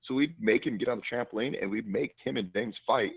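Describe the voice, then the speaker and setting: A man's voice: mid-range voice, a little fast, gravelly, slightly rough. A man co-hosting a casual podcast chat who rambles, swears freely and laughs often. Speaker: podcast co-host. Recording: tinny phone-like sound.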